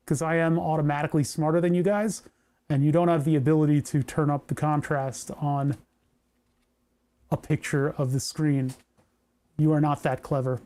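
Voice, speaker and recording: Male streamer, higher pitch, casual rambling tinkering talk with wry jokes. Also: mellow. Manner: rambling, joking, talks to chat while working. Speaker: maker streaming a hardware project.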